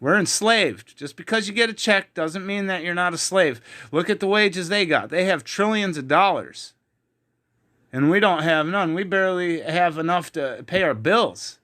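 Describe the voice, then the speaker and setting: A man's voice: sits high, expressive, normal speed, sharp tone. A man teaching from the Bible in an online video, heated and emphatic, with frequent fillers. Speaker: preacher.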